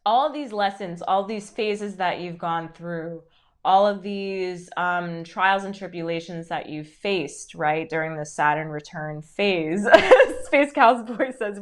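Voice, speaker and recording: A woman's voice: medium pitch, slow. Gushing, giggly young woman reading tarot. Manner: gushing, encouraging, filler-heavy with frequent giggles. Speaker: tarot reader streaming live. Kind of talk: casual live-stream reading.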